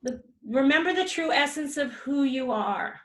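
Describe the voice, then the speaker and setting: A woman's voice: sits high, normal speed, fairly bright tone. Woman soothing healer, roomy echo. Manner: soothing, repetitive invocations. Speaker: shaman healer. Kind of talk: guided energy healing and chat on a video call. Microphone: video call.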